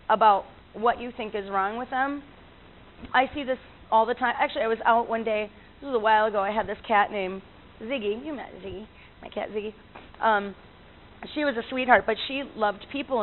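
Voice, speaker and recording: A woman who works as an animal communicator, telling stories in a chatty way with frequent laughs and restarts. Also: fairly high pitch. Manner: chatty, laughs often, many fillers and restarts. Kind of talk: casual storytelling talk. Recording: tinny lo-fi line with faint noise.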